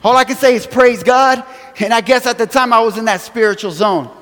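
A man with a high voice preaches a storytelling sermon. He acts out quotes and chuckles as he goes. A long reverb trails his words, as in a large church sanctuary. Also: brisk, a bit bright. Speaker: pastor.

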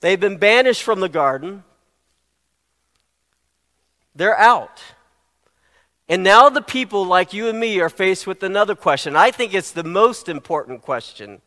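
A man's voice: high voice, animated, normal speed, pushed and bright, long reverb tail. A middle-aged man preaching a sermon, earnest and fond of repeating his questions for emphasis. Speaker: pastor.

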